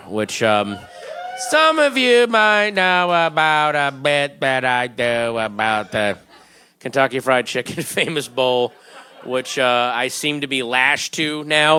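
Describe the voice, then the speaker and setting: High-voiced, rambling stand-up comedian man. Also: bright, forceful tone. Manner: rambling, profane, self-mocking.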